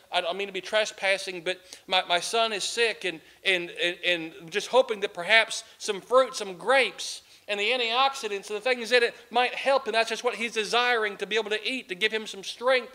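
A man voicing a poor, desperate mother who pleads haltingly and apologizes. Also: sits high, fairly even intonation, pushed and bright. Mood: pleading.

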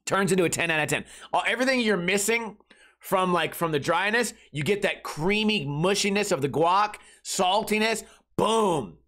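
A man's voice: high voice, lively intonation, normal speed, sharp tone. A man hosting a comedy podcast, telling rambling, crude, jokey stories about his weekend in a casual way. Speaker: podcast host.

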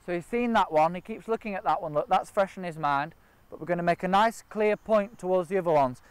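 Out in a park and by a river, a man trains gundogs and walks through each step practically. He has a high, smooth voice, speaks fairly quickly, and the recording is dry.

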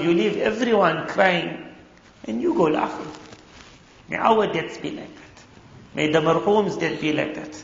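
An Islamic preacher with a high, creaky, fairly bright voice delivers a sermon, telling stories and acting out the voices he quotes. The sound is dull and lo-fi, echoing as if in a hall.

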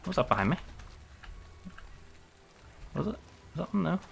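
A man's voice: a little high, very animated, moderate pace, vocal fry, a little hiss or hum. A man streaming a survival game, reacting jumpily with exclamations and swearing while talking to his chat. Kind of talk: live game commentary.

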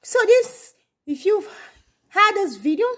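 Woman preaching, really high voice that swoops all over, fervent and emphatic. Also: lively intonation, fairly bright tone. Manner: fervent, emphatic, with drawn-out stressed words. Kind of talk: impassioned sermon.

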